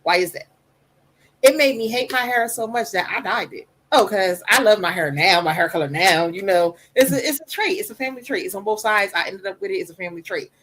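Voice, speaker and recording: Soft-voiced woman, podcast guest, candid and personal, slips into quoted voices. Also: mid-range voice, brisk, rough recording. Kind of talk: casual podcast conversation.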